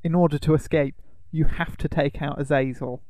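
A man's voice: a little high, steady tone, normal speed, warm tone, no echo. A man co-hosting a casual podcast chat, explaining the plot patiently and laughing often. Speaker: podcast co-host.

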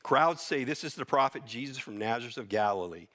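A middle-aged man delivers a sermon in a bright, forward voice. He teaches earnestly through scripture, speaking off the cuff with small restarts along the way. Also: medium pitch, animated, brisk. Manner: earnest, unscripted Bible teaching, with restarts and quoted verses. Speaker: preacher.

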